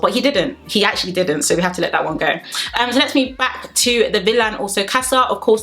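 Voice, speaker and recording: Fast-talking sassy woman vlogger. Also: medium pitch, a bit bright. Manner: sassy, opinionated, talks straight to viewers. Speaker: reality TV reviewer. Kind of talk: casual episode review vlog.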